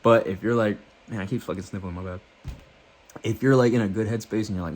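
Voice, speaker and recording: A man's voice: on the low side, fairly even intonation, fast, a little mellow. A man vlogging, telling a loose, profane story to the camera and acting out what he thought and said.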